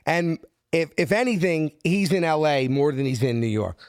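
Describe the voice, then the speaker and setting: A guest from South Philadelphia tells a story casually and with animation, performing the quoted dialogue in different voices. His voice is a little high and clean at a normal speed, recorded in studio quality with no room sound.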